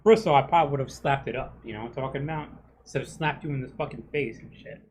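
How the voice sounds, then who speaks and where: A man's voice: medium pitch, fast talker, a little mellow, a little hiss or hum. A man streaming gameplay and ranting heatedly, swearing often and asking "you know what I'm saying?" again and again. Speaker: game streamer. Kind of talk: casual rant while streaming gameplay.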